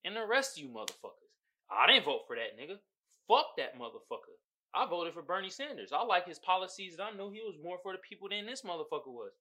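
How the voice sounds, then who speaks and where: A man's voice: high-pitched, very animated, fast talker, sharp tone. A young man hosting his own podcast, venting bluntly and profanely in casual talk. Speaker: podcast host. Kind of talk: casual solo podcast rant.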